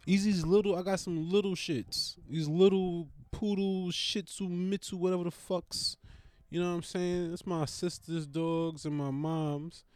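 Slow-talking man with a mellow voice. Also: high voice, steady tone, clear, resonant tone, dry recording. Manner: slangy, profane, rambling storytelling with repeated phrases. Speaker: podcast host. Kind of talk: casual solo monologue.

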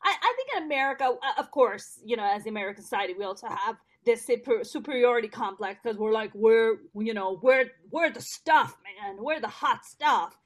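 A woman from Pakistan, a guest in a casual interview, telling stories in an animated, joking way. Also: a little high, brisk, few pauses.

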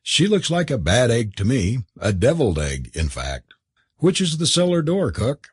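Man playing young gentleman, anxious, polite, eager, husky, storybook. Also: medium pitch, big pitch swings, moderate pace, no room sound, clean studio sound. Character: earnest young gentleman suitor. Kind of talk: audiobook character voice.

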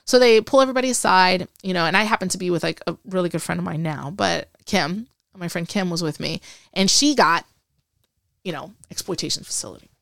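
A woman's voice: lowish voice, a little fast, creaky, fairly bright tone, no room sound, studio quality. A woman as an interview guest, chatting casually and acting out quoted dialogue as she tells her story.

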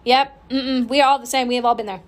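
Woman rambling on her own podcast, candid and bubbly, cusses a lot, voice kinda high. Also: steady tone, fast talker. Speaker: podcast host. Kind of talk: casual solo podcast chat.

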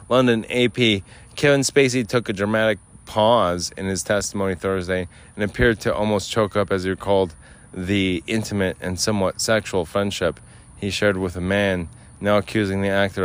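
A man hosting a podcast outdoors, ranting in a sardonic, profane, rambling way. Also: lowish voice. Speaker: podcast host. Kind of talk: casual profane rant.

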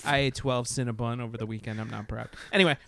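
A man in casual podcast chat, talking in a profane, animated way, with many fillers and restarts. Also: medium pitch, fast talker, gravelly, a little hiss or hum. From Latin America.

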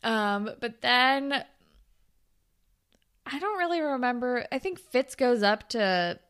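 A woman's voice: on the high side, expressive, slow, a bit bright, clean tone. A woman co-hosting a podcast, chatting casually about a TV episode, acting out the characters' lines and laughing often. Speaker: podcast co-host. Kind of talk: casual chat recapping a TV episode.

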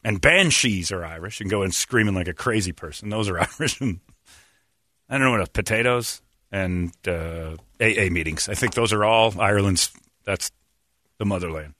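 A man's voice: on the low side, normal speed, sharp tone, no echo, clean studio sound. A man hosting a radio show, teasing his co-hosts and telling stories in a joking way. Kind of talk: morning radio banter.

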